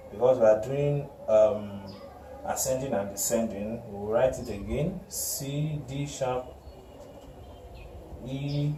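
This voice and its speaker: A man teaching a music lesson, slowly naming notes and intervals and often correcting himself. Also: mid-range voice, recorded from a distance. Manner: slow, repeats note names and corrects himself. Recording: echoey room, voice from off-mic, noisy.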